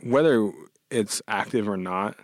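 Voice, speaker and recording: A man's voice: fairly low pitch, unhurried, no echo, studio quality. A man from New Jersey, a musician, chatting casually in a rambling way and laughing often. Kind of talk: casual chat.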